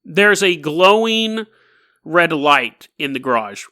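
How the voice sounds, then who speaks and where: A man hosting a podcast, telling a strange tale in a casual, animated way and laughing between lines. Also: a little high, slow. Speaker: podcast host. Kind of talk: casual storytelling.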